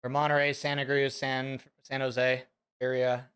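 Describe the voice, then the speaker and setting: A man from Central California, chatting casually and excitably with viewers on a live stream. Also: medium pitch, unhurried, clean tone. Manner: rambling, excitable, talks to chat. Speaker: fitness streamer.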